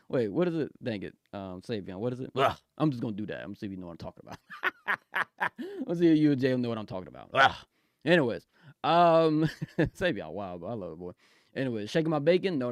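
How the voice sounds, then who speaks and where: A young man chatting excitedly on a live stream, giggling often and talking in loose slang. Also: medium pitch, dry recording, studio quality. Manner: excitable, giggly, slangy, keeps saying "bro". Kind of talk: casual live-stream chat. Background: faint music.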